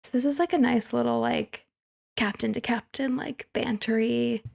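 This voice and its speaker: A woman's voice: a little high, fairly even intonation, moderate pace, gravelly, a little mellow. A young woman co-hosting a movie podcast, chatting casually, laughing often and acting out quotes. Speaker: podcast co-host. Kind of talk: casual chat recapping a movie.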